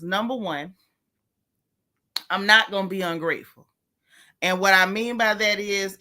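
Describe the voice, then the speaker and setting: A woman chats live with her viewers, her voice clear and bright. She speaks frankly and with feeling about faith, breaking off to greet people by name. The delivery stays casual and conversational throughout. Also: medium pitch. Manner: chatty, greets viewers by name between thoughts; frank, heartfelt, faith-filled talk. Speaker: livestream host. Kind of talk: casual livestream chat.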